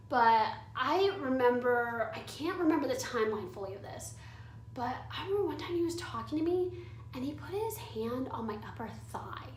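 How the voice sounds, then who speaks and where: This vlogger, a woman in her twenties, speaks at normal speed in a high, expressive voice over a faint hiss or hum. Her storytime is chatty and candid, heavy with "like," recorded in an echoey room some distance from the mic.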